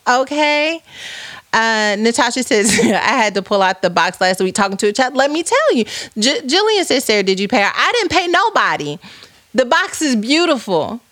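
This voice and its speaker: A woman's voice: fairly high pitch, moderate pace, dry recording. Playful podcast host woman, dry close sound. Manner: playful, animated, teasing. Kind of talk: casual chat reading live comments.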